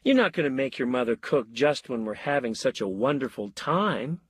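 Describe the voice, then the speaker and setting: A man voicing a weary young wife who gently chides, raising his voice high and husky. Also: expressive, normal speed, no echo, studio quality, full character voice. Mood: chiding.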